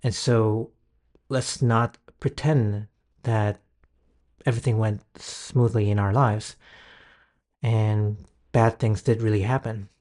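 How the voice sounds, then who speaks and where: A man leading a guided healing meditation, speaking gently with long pauses and reciting calm phrases for the listener to repeat. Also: lowish voice. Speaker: guided healing session leader.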